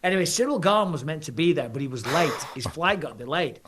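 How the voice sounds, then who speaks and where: A man, a guest on an interview show, telling stories in a lively way and laughing often. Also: fairly high pitch, fairly quick, slightly rough. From Britain. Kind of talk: casual interview chat.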